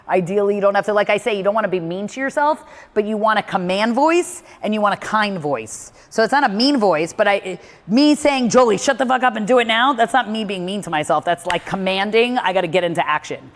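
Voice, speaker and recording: A woman coaching listeners on mindset in a blunt, emphatic way, with frequent "like" fillers. Her voice sits at an ordinary middle pitch. A long reverb trails after each phrase. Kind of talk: motivational talk.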